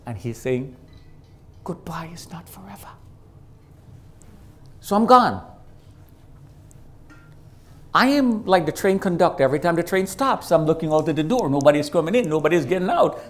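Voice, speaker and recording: A man preaching a personal testimony in church, telling the story dramatically and acting out the voices of the people in it. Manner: dramatic storytelling, shifts from loud and high to low and quiet; acts out quoted voices. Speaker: guest preacher. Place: church sanctuary.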